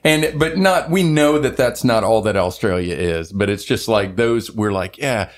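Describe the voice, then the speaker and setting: Low-voiced rambling podcast co-host man. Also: animated, normal speed. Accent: faint Southern American. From Southern United States. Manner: rambling, talkative, laughs often. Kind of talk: casual chat.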